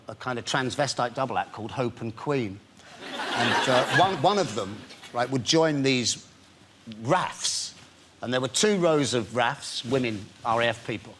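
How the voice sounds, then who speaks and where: A man's voice: mid-range voice, slight background noise. A man telling a rowdy anecdote as a chat-show guest, laughing as he goes and acting out the scene. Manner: animated, laughing through his story, acting it out. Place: television studio.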